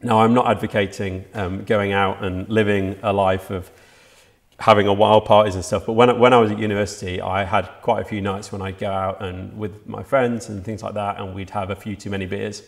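Earnest preacher man, low and gravelly. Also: flat delivery, fairly quick. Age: adult, past university age. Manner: earnest, reflective, with frequent restarts and hesitations. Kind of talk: sermon. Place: church livestream.

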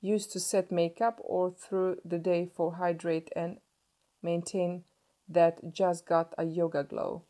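A young woman vlogs in English, unwrapping makeup and gushing over each find with little restarts along the way. Her voice sits a touch low and sounds mellow and warm rather than bright. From Sweden. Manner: gushing, excitable, pauses and restarts as she unwraps. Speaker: beauty vlogger. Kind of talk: casual product unboxing.

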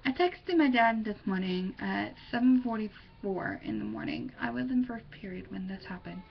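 A teen girl vlogger with a fairly high, gravelly, expressive voice talks at normal speed in a casual, rambling vlog. She's scattered, distracted and giggly, and the muffled built-in mic gives dull lo-fi webcam audio with faint noise.

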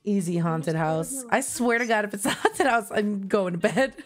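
An excitable young woman streamer chatting with friends during a party game. Her voice sits at an ordinary pitch and jumps to loud bursts, with faint music playing behind her. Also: moderate pace.

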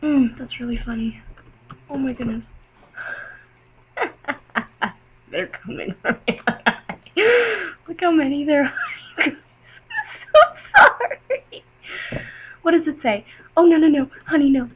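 Young woman gamer, high lively voice, laughs and screams a lot, music playing under her. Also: a little slow, pauses often, lo-fi sound, a little hiss or hum. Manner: excitable, laughing, often screaming. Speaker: gaming video host. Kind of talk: game commentary.

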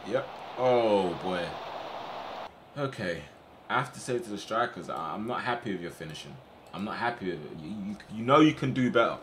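A young man commentating on his football management game, getting excited and shouting at his players on screen. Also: lowish voice, normal speed, a little hiss or hum. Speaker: gaming streamer.

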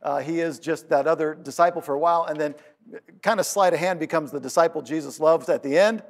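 A man preaching a sermon, retelling scripture with dramatic swings between loud urgency and hushed quiet. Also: on the high side, fairly quick. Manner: storytelling, paraphrasing scripture. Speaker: pastor.

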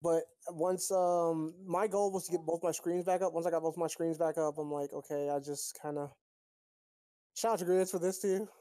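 A woman hosting a casual recap of competitive game battles, excitable, profane and teasing. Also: fairly low pitch, moderate pace, no room sound. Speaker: league recap host. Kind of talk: casual gaming recap chat.

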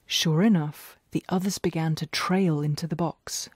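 A woman gently narrating a children's bedtime story in a slow, expressive way. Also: low-pitched, husky, dry recording, clean studio sound.

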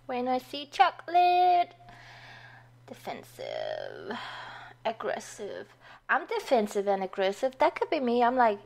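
A woman's voice: fairly high pitch, huge pitch swings, slow pace, gravelly, a little mellow. A young woman giving chatty gameplay commentary, easily startled and swearing when frustrated. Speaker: gaming youtuber. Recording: faint game music behind.

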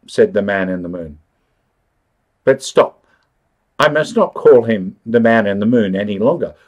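A man reading a children's-style story aloud for English learners, expressive and clear. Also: fairly low pitch. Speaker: story narrator.

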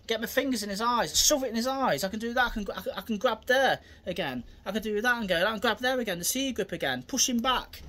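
A man's voice: high voice, a bit bright. A man, a self-defence instructor, talking casually through a demonstration in a rambling, repetitive way.

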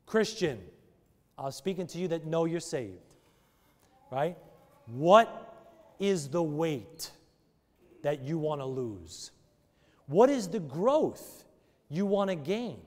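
Guy preaching in church, pushy questions over and over, voice pitched kinda high, big echo hall. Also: sing-song, slow pace, long pauses, darkish tone. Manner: emphatic, repeated rhetorical questions. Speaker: pastor. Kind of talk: sermon with altar call. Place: church sanctuary. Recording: long church hall reverb.

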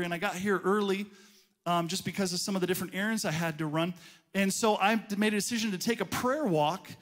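A man pastor preaching a sermon in a church, telling a personal story in a conversational way, swelling to emphatic peaks and dropping to a hushed aside. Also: sits high. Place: church sanctuary.

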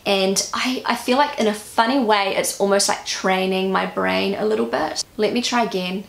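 A woman's voice: medium pitch, normal speed, creaky, echoey room. A woman from New Zealand with a New Zealand English accent, vlogging casually and musing self-critically as she practises pronunciation.

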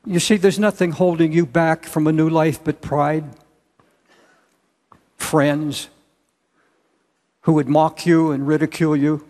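An older man preaching a sermon as pastor, earnest and halting, with repeated restarts and bursts of loud emphasis. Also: fairly high pitch, little pitch movement. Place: large church auditorium. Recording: long hall reverb.

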